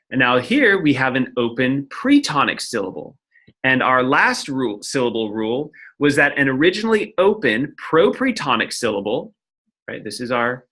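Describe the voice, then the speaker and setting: A man's voice: fairly high pitch, sharp tone. A man teaching a lecture-style lesson, explaining step by step and often checking in with "right?". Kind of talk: recorded lecture at a whiteboard.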